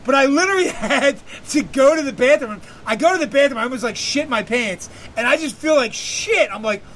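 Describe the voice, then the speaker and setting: A man's voice: very high-pitched, expressive, a little fast, fairly bright tone, a little hiss or hum. A man hosting a podcast, telling a long profane story in a rambling casual way and laughing often. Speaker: podcast host.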